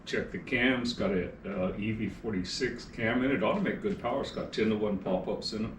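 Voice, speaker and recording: A man's voice: fairly low pitch, brisk. A man who builds motorcycles, talking shop in a casual, plainspoken, technical way. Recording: echoey room with faint background noise.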